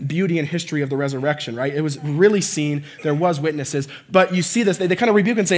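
A man preaching a conversational sermon, often checking in with "right?" and "okay?" and swinging from quiet asides to shouting. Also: on the high side, quick pace, hardly any pauses.

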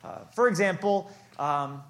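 A man with a slightly high-pitched voice delivers a humorous sermon from the pulpit. He is playful and tells stories, breaking into little acted-out exchanges as he goes. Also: animated, unhurried. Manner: playful, storytelling, acts out exchanges. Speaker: pastor.

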